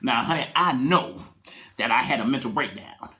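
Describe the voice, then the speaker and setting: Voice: mid-range voice, expressive, normal speed, bright, forceful tone, pitched below the performer's own voice. A storyteller playing a jittery husband who stammers and pleads, in a comic retelling of a film scene. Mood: insistent. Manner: stammering, pleading, repeats "honey" and "baby". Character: jittery husband on a plane insisting a creature is on the wing.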